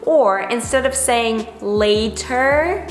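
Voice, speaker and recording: A woman gives a pronunciation lesson at an unhurried, deliberate pace, saying each example word twice for her listeners to copy. Her voice rings in a roomy space with faint music underneath. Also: mid-range voice, expressive, fairly bright tone. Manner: slow, careful, repeats example words for drill. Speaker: English pronunciation teacher.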